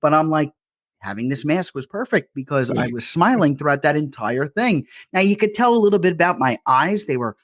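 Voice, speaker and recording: A man's voice: on the high side, lively intonation, a little fast, a bit bright, dry recording. Dry-voiced man ranting with comic swearing. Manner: ranting storyteller, swears freely. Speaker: podcast co-host. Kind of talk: casual comedic chat.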